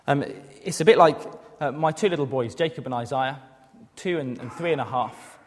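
A man's voice: medium pitch, normal speed. A man in his thirties preaching a sermon, earnest, asking rhetorical questions and acting out quoted voices. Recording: long hall reverb.

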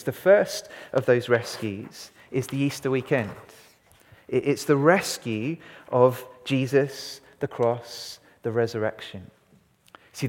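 A man preaching a sermon, animated and asking his congregation questions. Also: mid-range voice. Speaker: pastor. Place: church hall. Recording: long hall reverb.

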